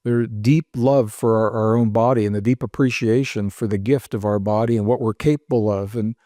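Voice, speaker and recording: A man's voice: on the low side, fairly even intonation, fairly quick, mellow, no echo, clean studio sound. A man who is the guest on a podcast interview, explaining ideas in an earnest, step-by-step way and listing example after example. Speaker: author and researcher guest.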